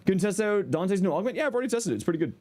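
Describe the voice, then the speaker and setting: Sleepy, slightly hoarse playful man. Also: sits high, sing-song, racing, darkish tone. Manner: playful, greeting viewers one by one; sleepy, laid-back. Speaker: game streamer. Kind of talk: casual live-stream chat.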